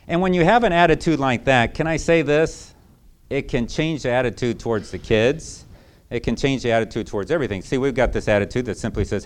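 A man's voice: medium pitch, a little fast. A male pastor preaching a sermon in a conversational, emphatic way, often checking in with rhetorical asides.

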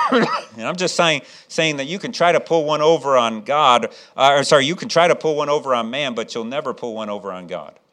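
A man's voice: mid-range voice, lively intonation, a little fast, fairly bright tone. A man preaching a sermon as pastor, with frequent restarts, rhetorical questions and rising emphasis.

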